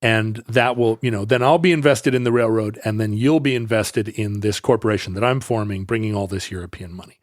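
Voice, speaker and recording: A man voicing a smooth-talking male con man posing as a Scottish lord, persuasive and grand, without any real accent. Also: lowish voice, fairly quick, dry recording, clean studio sound, close to an everyday voice.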